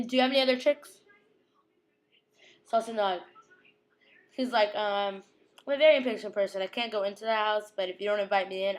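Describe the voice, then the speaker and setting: A young woman giving a casual fan recap of a TV episode, chatty and slangy, acting out scenes in quick quoted asides. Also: on the high side, low-quality recording.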